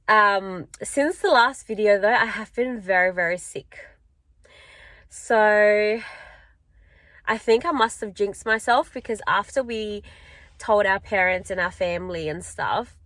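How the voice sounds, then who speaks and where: A woman's voice: mid-range voice, fairly bright tone. A young woman talking casually to a handheld camera, rambling and chatty, full of "like" and "um". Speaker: vlogger.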